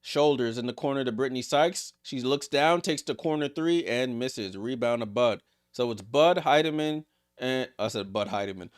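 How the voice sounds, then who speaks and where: In a live watchalong stream, a man with a clear, resonant tone calls the action casually at a moderate pace and chats with his audience. He's chatty and excitable, pitching up on big plays, dropping low and soft for side remarks, and laughing with the chat.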